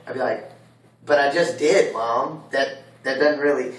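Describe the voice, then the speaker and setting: A man's voice: medium pitch, steady tone, fairly quick, distant mic. A young man, a college student, telling stories about his family in a casual vlog from his dorm room. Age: young adult. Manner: loud slangy hype, then quieter storytelling. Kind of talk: casual vlog tour and storytelling. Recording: echoey room, voice off-mic.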